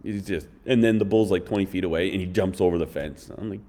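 A man's voice: low-pitched, quick pace, mellow. A man telling blunt, rambling stories in a casual chat, full of harsh opinions. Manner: rambling, blunt, opinionated, fond of mocking impressions.

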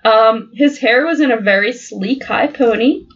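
A woman's voice: on the high side, unhurried, dull audio. A woman co-hosting a podcast in casual banter, blunt and profane, laughing often. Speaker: podcast co-host.

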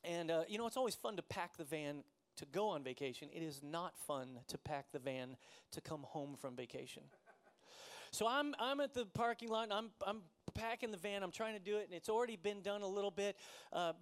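A pastor who sounds to be in his forties preaches a sermon in a notably high, smooth voice. He shares a personal story in a relaxed, conversational manner and frequently laughs at himself.

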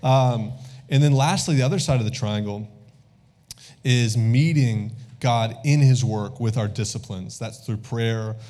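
A man in his thirties preaches to a congregation in a church sanctuary. His voice sits at a middle pitch. He keeps an easy call-and-response rhythm and asks the room for amens. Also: unhurried, dark tone. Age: 30s. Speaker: pastor. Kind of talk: sermon.

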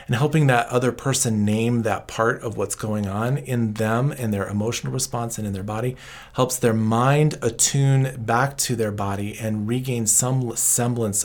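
A man answering interview questions as a trauma counselor, in a calm, explanatory and reassuring tone. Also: on the low side.

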